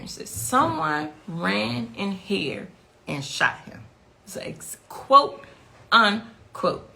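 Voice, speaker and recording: Grieving mother giving interview testimony; gravelly, frantic retelling. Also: medium pitch, sing-song, slow pace, bright, forceful tone, a little hiss or hum. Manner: recounts events with rising, frantic intensity.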